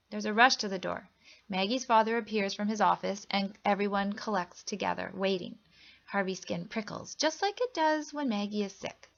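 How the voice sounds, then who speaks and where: Woman, storybook read-aloud, gentle expressive telling, gravelly edge, muffled lo-fi sound. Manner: gentle, expressive storytelling that lifts pitch for characters' lines. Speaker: storybook reader. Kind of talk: children's picture book read-aloud.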